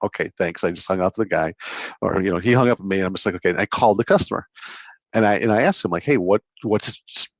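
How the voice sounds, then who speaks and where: A man's voice: low voice, quick pace, dry recording, dull audio. A man co-hosting a podcast, telling sales stories in casual chat, rambling and repeating words. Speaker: podcast co-host, sales manager.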